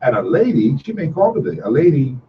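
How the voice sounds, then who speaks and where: Animated radio host, lo-fi. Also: male voice, medium pitch, brisk, distant mic, a little hiss or hum. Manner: animated, repetitive, folksy storytelling. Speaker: radio talk show host. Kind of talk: casual call-in radio talk.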